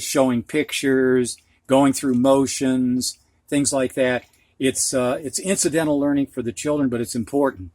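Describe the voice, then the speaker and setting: In a phonics lesson, a patient middle-aged teacher with a Midwestern US accent, like that of Ohio or Michigan, repeats each word twice. His medium-pitched voice has a darkish tone, with no echo.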